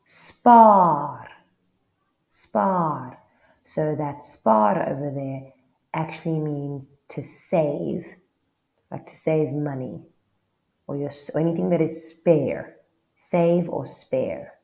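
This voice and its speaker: A woman's voice: deep voice, animated, takes it slowly, vocal fry, mellow, reverberant. A South African woman with a South African English accent, teaching a casual online language lesson and often checking in with the viewer.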